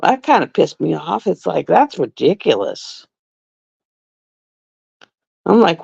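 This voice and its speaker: A woman's voice: lowish voice, sing-song, slow, gravelly, long pauses, darkish tone, breathy edge, no room sound. A middle-aged woman, a nurse, chatting bluntly and with exasperation on a casual live stream. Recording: dull lo-fi dry live-stream audio.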